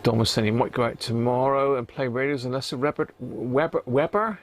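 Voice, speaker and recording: A man's voice: mid-range voice, steady tone, quick pace. A man chatting casually on a live stream while he repairs a radio in his home workshop, rambling and muttering to himself as he works.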